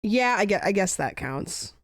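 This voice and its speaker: A woman's voice: mid-range voice, animated, normal speed, no room sound, studio quality. A young woman streamer in casual chat, rambling and musing aloud with lots of "like" fillers.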